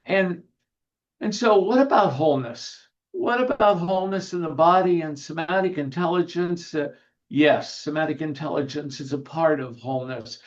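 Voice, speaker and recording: A man, a minister, giving a sermon in a gentle, unhurried way, guiding the listeners through breathing and telling light humorous anecdotes. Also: on the high side. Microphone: video call. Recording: dull lo-fi video call audio.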